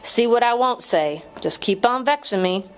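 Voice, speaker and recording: A woman's voice: on the high side, expressive, moderate pace, faint music behind, pitched above the performer's own voice, lightly acted. A woman voicing a bitter, taunting young male prisoner in an audiobook reading, curt and plain-spoken. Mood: sullen.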